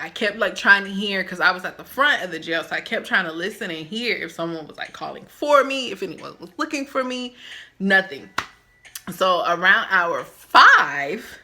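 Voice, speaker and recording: A woman vlogger telling a storytime about a stay in jail, animated and acting out the voices of the people she quotes. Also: fairly low pitch. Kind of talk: storytime vlog.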